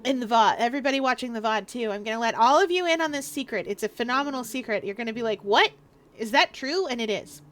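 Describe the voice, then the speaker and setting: A woman livestreamer chatting casually and rambling through advice, acting out what people say in quick little voices. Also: on the high side. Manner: rambling, gives advice, acts out quoted speech.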